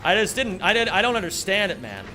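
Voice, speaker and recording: A man live-streaming, joking and bantering with his viewers in casual chat, swearing freely and answering them quickly. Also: high-pitched, very animated, pushed and bright, faint music behind. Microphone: streaming microphone.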